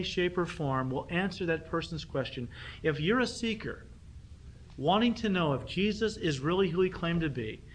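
Man teaching a conversational sermon. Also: fairly high pitch. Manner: conversational, emphatic Bible teaching with rhetorical questions. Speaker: pastor.

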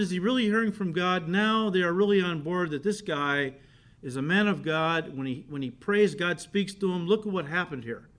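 A man's voice: high-pitched, fairly bright tone. A male pastor giving a conversational expository sermon, calling his listeners "guys" and acting out quoted lines with rising emphasis.

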